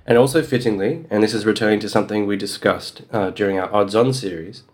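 A man co-hosting a book podcast, his voice sitting fairly low. He walks through the plot in careful detail and adds dry, wry asides. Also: quick pace, darkish tone. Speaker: podcast co-host. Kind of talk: casual chat about a novel.

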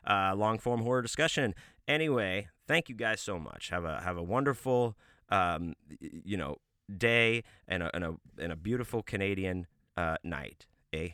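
A man hosting his own podcast, telling a comic story in a deadpan, mock-serious way and drawing out words for emphasis. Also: sits low, moderate pace, clean tone, dry recording, studio quality. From United States. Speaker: podcast host.

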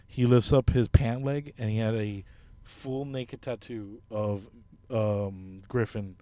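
A man's voice: fairly low pitch, fairly even intonation, slow pace, warm tone, dry recording. A man in casual comedic chat in a car, telling a loose, profane anecdote about a former job. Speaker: podcast guest. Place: inside a car.

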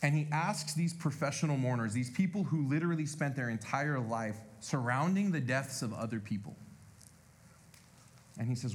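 A pastor preaching a conversational sermon, speaking to the congregation directly and animatedly. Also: male voice, medium pitch, animated, normal speed.

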